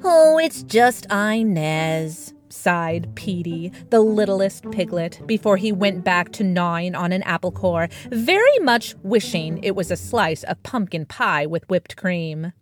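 A woman narrating her own children's storybook in an expressive way, slipping into character voices now and then. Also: fairly low pitch, measured pace, hardly any pauses. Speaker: author and narrator. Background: background music.

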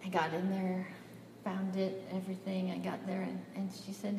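A woman's voice: medium pitch, completely flat delivery, moderate pace, noisy background. A woman preaching a sermon, telling a personal story and acting out the dialogue, rising to emphatic peaks. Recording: echoey hall, voice from far off, faint ambience.

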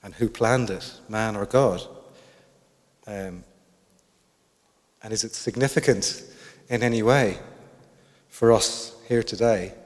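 A man preaches a sermon in a fairly low voice, speaking slowly with long pauses. He's reflective and asks the congregation many questions, with long hall reverb on the recording.

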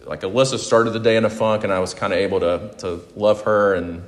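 A man's voice: on the low side, steady tone, a little fast. A man in his forties preaching a sermon in a reflective, confessional way, talking conversationally and often correcting himself mid-sentence. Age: 40s. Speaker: pastor. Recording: long hall reverb.

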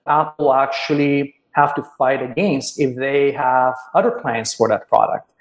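A man's voice: mid-range voice, fairly even intonation, a little slow, reverberant, rough recording. A man in a casual panel discussion, thinking aloud and hedging his points.

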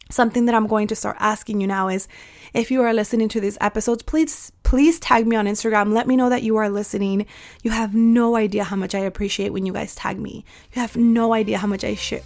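Young woman, podcast host; motivational, heartfelt delivery, voice sits a bit high. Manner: warm, encouraging, heartfelt pep talk.

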